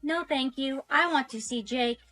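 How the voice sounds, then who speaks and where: A woman voicing a curious young female AI robot who asks flat, literal questions. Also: high voice, moderate pace, no echo. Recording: faint background music.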